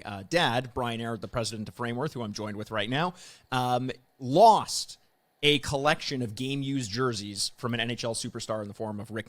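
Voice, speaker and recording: A man's voice: mid-range voice, a bit bright. A young man hosting a podcast, introducing a guest in a chatty, teasing way. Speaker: podcast host.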